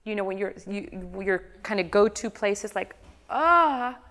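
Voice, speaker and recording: A woman coaching a singer in a master class, animated and breaking into sung demonstrations. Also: medium pitch, normal speed, long reverb tail. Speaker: voice teacher.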